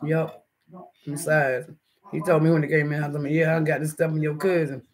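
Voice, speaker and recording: A man's voice: fairly high pitch, flat delivery, fairly quick. A man hosting a casual live stream, chatting and reading the chat aloud as he eats breakfast, laughing often. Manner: laughs often, with sudden loud outbursts.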